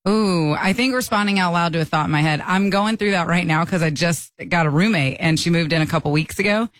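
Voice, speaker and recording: A woman's voice: fairly low pitch, a little fast, dry recording. A woman guest in casual group banter, talking chattily.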